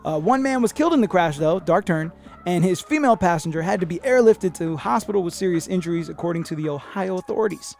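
A man's voice: high voice, fast, gravelly, faint music behind. A man hosting a comedy podcast, reading odd news stories aloud and riffing on them with lots of profanity and put-on voices for the people he quotes. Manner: profane, animated, puts on voices when quoting people. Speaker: podcast host.

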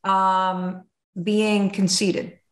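A woman in her fifties from the United States, hosting a podcast with animated, candid storytelling and some swearing. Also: mid-range voice, very slow. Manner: animated storytelling, swearing, acts out inner voices. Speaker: podcast host. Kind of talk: candid conversational interview. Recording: roomy echo.

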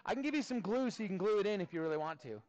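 A man's voice: sits high, animated, very fast, a little mellow, dull audio. A man teaching a math class in a classroom, playful and coaxing with his students.

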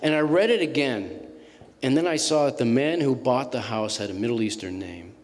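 A man in his fifties, an author talking to an audience and telling animated anecdotes with frequent restarts. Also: medium pitch, normal speed, a little hiss or hum. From Massachusetts. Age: 50s. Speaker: author speaking at a book event. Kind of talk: storytelling talk to an audience. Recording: reverberant hall.

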